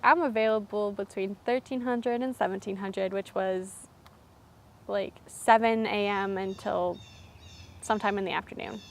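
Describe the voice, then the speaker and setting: A woman's voice: mid-range voice, fairly even intonation, a little slow, gravelly. A young adult woman and college student telling a story to camera in a chatty, self-deprecating way. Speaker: vlogger, college student of French.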